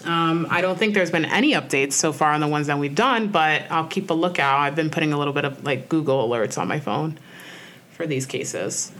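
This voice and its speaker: A woman co-hosting a podcast, speaking in an earnest, reflective way in a slightly low voice. She keeps it loose and conversational, leaning on "like" and "you know" as she thinks aloud. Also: brisk, a bit bright. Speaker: podcast co-host. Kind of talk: casual conversational chat.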